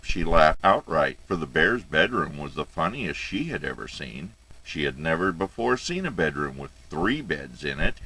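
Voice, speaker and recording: Deep, playful grandfatherly storyteller. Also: slightly rough, poor audio. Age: older. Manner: playful, expressive storytelling with asides. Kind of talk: storybook reading aloud.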